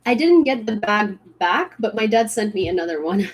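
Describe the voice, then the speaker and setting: A woman's voice: mid-range voice, lively intonation, normal speed, husky. Rambling woman chatting on a livestream. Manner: rambling, many fillers and restarts. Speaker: livestream host. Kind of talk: casual livestream chat.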